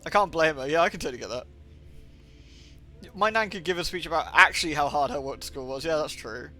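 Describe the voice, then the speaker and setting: A man's voice: on the high side, quick pace, pushed and bright, soft background music. A young man from England rambling and swearing on a livestream, with lots of filler words. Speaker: streamer. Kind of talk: livestream gaming chat.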